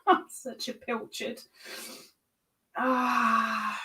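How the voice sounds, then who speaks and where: A woman's voice: fairly high pitch, wildly swooping pitch, extremely slow, a bit bright, recorded from a distance. A woman hosting a crochet livestream, chatting and laughing at herself as she counts stitches. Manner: giggly, self-mocking, chatting to viewers while counting stitches. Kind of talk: casual live-stream chat while crocheting.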